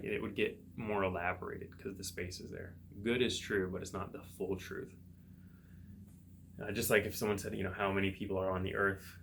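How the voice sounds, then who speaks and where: A man, a psychotherapist hosting his own show, thinking aloud in a relaxed solo monologue with everyday examples. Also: low voice, brisk, gravelly, slight background noise. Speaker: psychotherapist podcast host.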